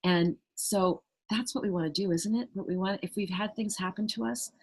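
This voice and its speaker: A woman's voice: mid-range voice, moderate pace, husky, poor audio. A middle-aged woman, a trauma resilience trainer, explaining earnestly in an interview and acting out little quoted voices. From United States.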